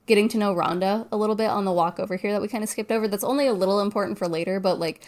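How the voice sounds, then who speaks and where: A woman in relaxed conversation walks through a horror film scene by scene. She slips into quick character voices as she quotes lines, then drops back into easy chat. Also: mid-range voice. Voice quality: animated retelling with quoted voices. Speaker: podcast co-host. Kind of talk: casual movie recap chat.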